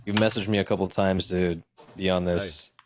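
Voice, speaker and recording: A man's voice: sits low, flat delivery, normal speed. A man joining a podcast as a guest, laid-back in his greetings. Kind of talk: casual podcast chat.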